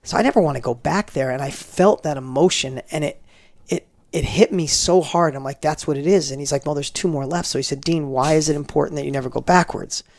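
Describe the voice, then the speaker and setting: Fast-talking man with a gravelly edge. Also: fairly high pitch, dry recording. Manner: emphatic, animated, acts out quoted dialogue. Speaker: guest. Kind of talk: personal storytelling in an interview.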